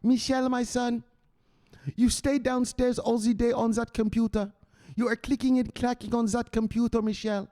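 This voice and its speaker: A man voicing a doting, melodramatic European mother in a high, slow, pleading put-on accent. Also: little pitch movement, dark tone, lightly acted.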